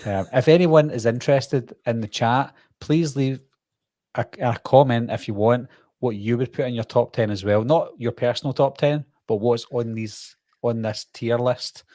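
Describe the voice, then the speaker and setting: Brief: relaxed Welsh male co-host, dry close sound, running the chat. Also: mid-range voice, moderate pace, no room sound. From Wales. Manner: easygoing, reads viewer comments aloud. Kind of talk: casual podcast chat.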